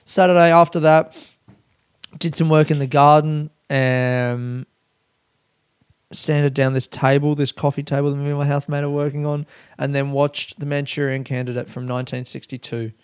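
A young man chatting through his weekend on a solo podcast, rambling and poking fun at himself with plenty of swearing. His voice sits a little high for a man, and the close mic sounds dry and close. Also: little pitch movement, moderate pace, clean tone, dry recording. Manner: rambling, self-mocking, swears often, laughs a lot. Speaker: podcast host. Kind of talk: casual solo podcast chat.

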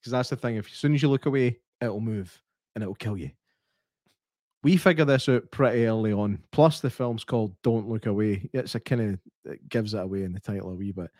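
A Scottish man co-hosting a podcast, reviewing a film in casual chat and teasing his co-host with quick jokes. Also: fairly low pitch, a little mellow, dry recording, studio quality. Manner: joking, quick teasing banter.

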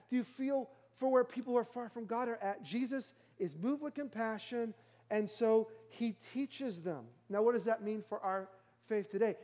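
A man's voice: high voice, a little mellow. A male pastor preaching a sermon in church, conversational and emphatic with many rhetorical questions.

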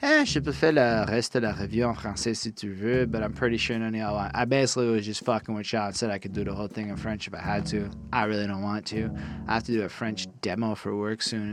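Young man from quebec, low-pitched voice, excitable and self-mocking, swears a lot, casual music review. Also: brisk, noisy background. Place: his room.

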